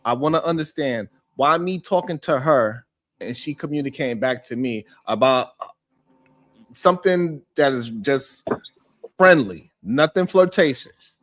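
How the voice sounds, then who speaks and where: A man's voice: mid-range voice, lively intonation, unhurried, a bit bright. A man in a heated casual debate who insists on being heard and acts out friendly greetings. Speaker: panelist.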